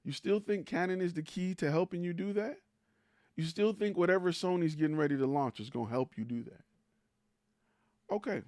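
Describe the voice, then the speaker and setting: A man hosts a live stream offering blunt, teasing business advice to creators, peppered with rhetorical questions, in the manner of a no-nonsense motivational talk. His voice is high-pitched with a darkish tone, a little fast, and there's no echo.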